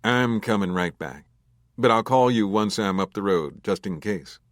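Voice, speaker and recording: A man's voice: on the low side, animated, moderate pace, dry recording, close to an everyday voice. A man playing an easygoing, confident ex-convict bank robber with a dry humor in a crime audiobook.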